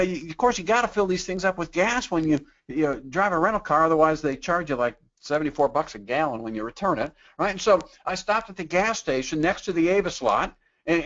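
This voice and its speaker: A man with a high voice teaches a sales webinar. He talks conversationally, leans on rhetorical questions and slips into quoted customer voices. The audio is dull and lo-fi. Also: fairly bright tone. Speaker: sales trainer. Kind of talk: webinar sales training talk.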